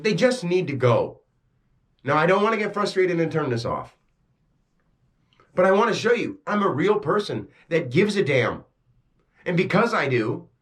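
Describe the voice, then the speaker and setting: A man's voice: high voice, a bit bright. A man delivering a frustrated, preachy rant straight to camera as a self-styled spiritual teacher, swearing freely. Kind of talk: ranting monologue to camera.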